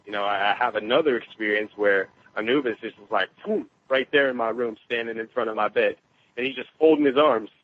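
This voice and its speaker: A man telling a personal story in casual conversation, animated and laughing often. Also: fairly quick. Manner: animated, quotes others in raised pitch, laughs often. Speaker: guest. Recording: tinny phone line.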